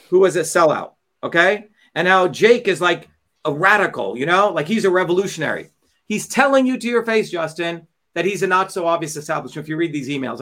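A man hosting a livestream talk, combative and profane, mocking others with quick impressions. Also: high voice, fairly bright tone. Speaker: host.

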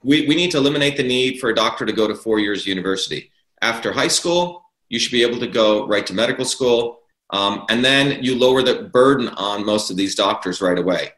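A man's voice: mid-range voice, a bit bright. A man arguing his political views as an interview guest, emphatic and repeating key words for stress. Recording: roomy echo.

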